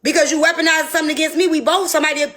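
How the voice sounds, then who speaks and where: A woman's voice: sits high, fairly even intonation, very fast, fairly bright tone. A woman hosting a livestream in casual chat, brash, profane and defiant. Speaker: livestream host.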